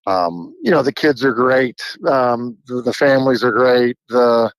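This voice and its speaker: Earnest football coach guest, dry sound. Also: male voice, mid-range voice, a little slow, no room sound, rough recording. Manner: earnest, many fillers and restarts. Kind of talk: radio interview.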